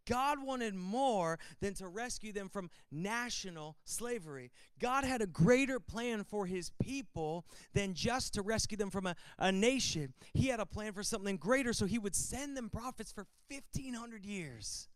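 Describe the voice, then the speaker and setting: A man's voice: high-pitched, lively intonation, unhurried, clear, resonant tone, no echo. A man preaching a sermon as pastor, building emphasis with repetition and calls to open the Bible.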